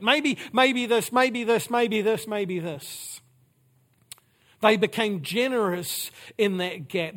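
A man preaching a sermon, repeating phrases for emphasis and dropping suddenly to a quiet voice. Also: high voice. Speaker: pastor.

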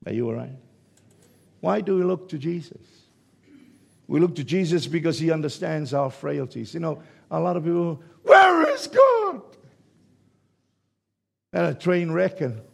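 Raspy preacher guy, gravelly, goes from quiet to shouting a lot. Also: on the high side, moderate pace. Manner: dynamic, swings from hushed to shouting. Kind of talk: sermon.

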